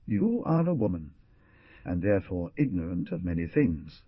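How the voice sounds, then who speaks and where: A man's voice: sits low, very animated, normal speed, husky, no echo, exaggerated voice. A man voicing a brooding, stern young frontier hero who gives commands. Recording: dull dry lo-fi recording.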